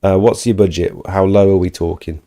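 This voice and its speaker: Answering viewer questions casually on a live stream about pressure washing, a man speaks briskly in a low, mellow voice with a steady tone. He's getting over an illness and is losing his voice.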